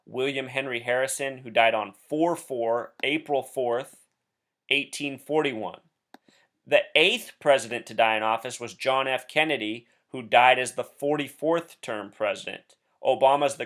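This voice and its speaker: A man of ordinary pitch delivers a solo commentary straight to his viewers. He speaks intensely and with emphasis, leaning on each point as he goes. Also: fairly bright tone. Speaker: blogger and video host.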